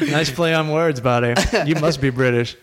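A man hosting a podcast, telling a stand-up story in profane, animated bursts that climb toward shouting. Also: a little high, a little slow. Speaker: podcast host and stand-up comedian. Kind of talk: casual podcast chat.

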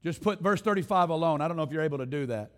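High-voiced guy preaching a fired-up sermon, lots of repeating buildups, long church hall echo. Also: lively intonation, very fast. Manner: impassioned, repetitive rhetorical build-ups, directs congregation to respond. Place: church sanctuary.

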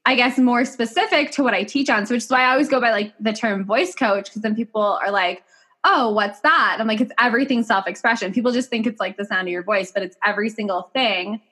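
A woman voice coach in a casual podcast chat, talking in a chatty, animated way, swearing freely and acting out quotes. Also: on the high side, fast talker.

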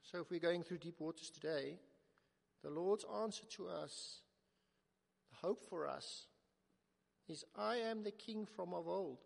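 A man preaching a sermon in earnest tones, swelling to emphatic calls and sinking to soft, slow words. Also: high-pitched, gravelly. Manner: earnest, rising to emphatic then dropping to soft, slow quotes. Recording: long hall reverb.

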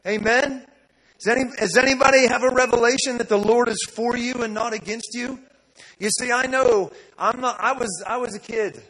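A man preaching a sermon, telling a story with energy, repeating words and rising to loud declarations. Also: very high voice, steady tone, normal speed, breathy edge, rough recording. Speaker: pastor. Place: church service.

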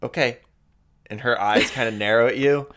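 A man narrating as game master for a tabletop role-playing game, relaxed and casual with frequent hesitations. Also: mid-range voice, brisk, clean tone.

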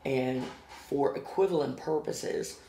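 A man with a Midwestern American accent, a podcast guest telling a backstage story in a casual, animated way and acting out the quotes. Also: mid-range voice, unhurried, echoey room, a little hiss or hum. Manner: animated anecdote teller who acts out quotes. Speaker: guest, former music venue promoter.

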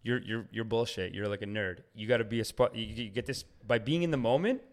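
A man talking as a podcast guest in casual chat, rapid and animated, often calling the host "dude". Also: on the low side.

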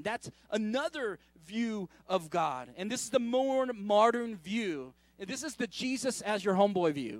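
High-voiced man preaching casually. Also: no room sound. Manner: casual, conversational preaching with many asides and restarts. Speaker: pastor. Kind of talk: sermon.

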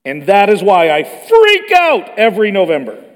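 A man preaching in a slightly higher voice than most men, his words ringing with a long reverb through a large church hall. His delivery is animated, swinging between loud emphatic passages and quiet, hushed ones. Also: moderate pace. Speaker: pastor. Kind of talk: sermon.

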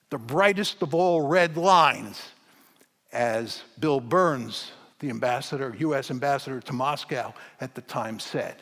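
A man giving a public lecture to an audience, arguing his point forcefully and hammering it home with emphatic repetition. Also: on the high side, in a large hall.

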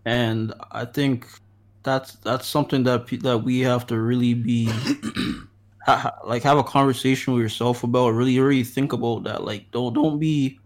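A man's voice: medium pitch, steady tone, moderate pace. A man in a casual podcast discussion, laying out his points in order and stammering as he restarts.

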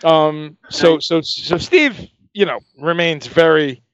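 A man's voice: fairly high pitch, slow pace, dry recording, lo-fi sound. A man telling a story in casual chat, acting out the other people's voices as he goes. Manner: lively, acts out voices in quoted dialogue. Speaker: touring band crew member.

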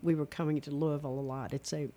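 An older woman with an Eastern Kentucky accent chats in a relaxed radio interview. She tells stories in an animated way and slips into other voices to show what she means. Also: low-pitched, fast. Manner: animated storyteller, demonstrates voices. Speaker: guest, retired speech and theater teacher. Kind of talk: casual interview chat.

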